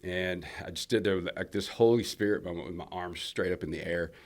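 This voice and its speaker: A low, gravelly man chats loosely in an interview. He rambles through his stories, restarting sentences and leaning on fillers as he goes. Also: steady tone, a little fast. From Alabama, USA. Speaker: country singer, guest. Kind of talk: casual interview chat.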